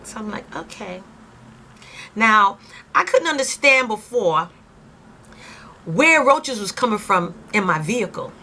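Slow, bright-voiced woman telling a story. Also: mid-range voice, a little hiss or hum. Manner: animated and dramatic, acting out her own reactions; colloquial, addresses viewers directly. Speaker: vlogger telling a story-time tale. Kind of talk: casual storytelling monologue.

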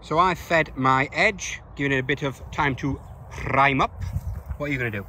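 A man's voice: mid-range voice, normal speed. A man co-hosting a fishing vlog, chatting casually and explaining his tips outdoors by a lake. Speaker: angling vlog co-host. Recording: loud wind and outdoor noise.

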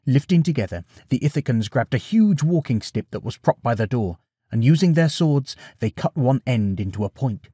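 A male storyteller reading a bedtime tale, expressive and animated. His voice sits at a middle pitch and sounds dry and close to the mic. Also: moderate pace, slightly rough, dry recording.

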